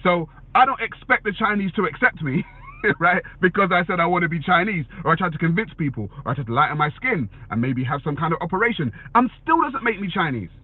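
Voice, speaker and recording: A man's voice: high-pitched, very animated, fairly quick, husky. A man giving a blunt, casual opinion monologue, swearing and answering viewer comments. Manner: blunt, swears, repeats "you know what I'm saying". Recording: tinny phone-like dry sound.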